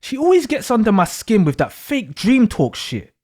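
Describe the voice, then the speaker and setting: A rowdy, crude young man, as a man plays him. He talks bluntly and swears through his banter, his pitch jumping widely. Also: huge pitch swings, moderate pace, a little mellow, exaggerated voice. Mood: mocking.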